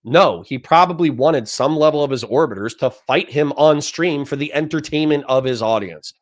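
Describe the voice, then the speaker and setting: A man's voice: fairly high pitch, normal speed. A man on a livestream reading chat comments aloud and answering them in a blunt, profane, lecturing rant.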